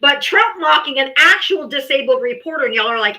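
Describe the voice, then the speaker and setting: A woman's voice: high voice, sing-song, moderate pace, pauses often, sharp tone, poor audio. A woman hosting a live debate stream, talking in a mocking, profane and exasperated way. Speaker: livestream host. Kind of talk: heated live debate chat.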